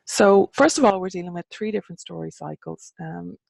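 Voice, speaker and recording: An Irish woman teaching an online class, explaining carefully and pausing over how words are pronounced. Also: lowish voice, gravelly, darkish tone, no echo. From Ireland.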